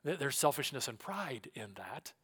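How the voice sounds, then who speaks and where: A man preaching a sermon as pastor, emphatic, moving between loud stresses and hushed asides, often asking rhetorical questions and tagging "right?". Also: medium pitch, big pitch swings, normal speed, husky, long reverb tail.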